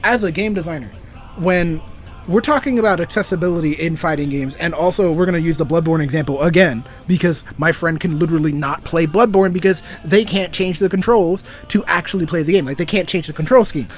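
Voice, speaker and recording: A man's voice: fairly high pitch, fairly quick. A young man and game designer ranting casually about video games, rambling, swearing freely and laughing often. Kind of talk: casual gaming rant.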